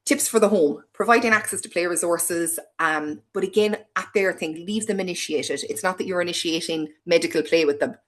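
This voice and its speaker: A woman with a Cork Irish accent giving a parent webinar talk, speaking fast, passionate and playful. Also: fairly low pitch. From Cork, Ireland. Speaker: hospital play presenter.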